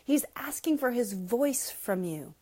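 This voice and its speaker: A middle-aged woman hosts a live parenting question-and-answer session and answers viewer comments as they come in. She talks bluntly and frankly and leans hard on her points. Her pitch swings sharply upward whenever she gets animated. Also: a little slow. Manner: animated, with sudden jumps up in pitch. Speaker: parenting coach host.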